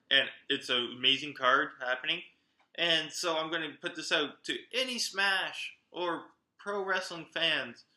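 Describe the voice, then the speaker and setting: A chatty, excitable man rattles through a list of upcoming wrestling shows as if talking to friends. His voice sits a little high and sounds very bright and sharp. The recording has a noticeable echo from the room. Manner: chatty, excitable, talks straight to viewers. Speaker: wrestling vlogger. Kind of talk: casual event roundup.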